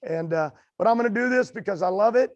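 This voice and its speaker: Older man, rambling storyteller, high voice, dry muffled sound. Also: dry recording. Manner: rambling, halting, many fillers and restarts. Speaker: guest, drag racer. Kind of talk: storytelling interview.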